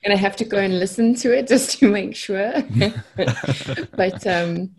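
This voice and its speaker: A woman from South Africa with a South African accent, a coach speaking as a guest on a podcast, gentle and laughing softly. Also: mid-range voice, lively intonation, unhurried, a little hiss or hum. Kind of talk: casual podcast interview.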